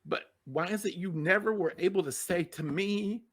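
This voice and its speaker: Earnest higher-voiced middle-aged man. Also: moderate pace. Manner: earnest, emotional, repeats words for emphasis. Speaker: guest, success coach. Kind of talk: personal storytelling in a podcast interview.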